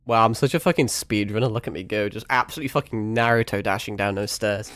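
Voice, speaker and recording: A man's voice: fairly low pitch, fast, a bit bright, no echo, studio quality. A young man streaming a game, chatting casually, swearing freely and mocking himself, his voice a bit strained from hours of talking. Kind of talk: casual live-stream gaming chat.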